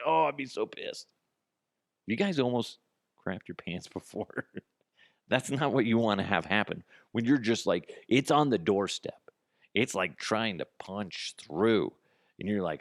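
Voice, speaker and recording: A man with a fairly low voice hosts a comedy podcast in a casual, rambling monologue. His pitch swings widely as he jumps between asides and swears freely. The sound is dry and close. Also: animated, measured pace, gravelly, no room sound. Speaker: podcast host.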